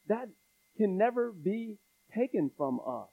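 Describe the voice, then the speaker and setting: High-voiced male preacher on a tinny line. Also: sing-song, measured pace, gravelly. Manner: pleading, rhetorical questions to the congregation. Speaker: pastor. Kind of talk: sermon. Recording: tinny phone-like sound.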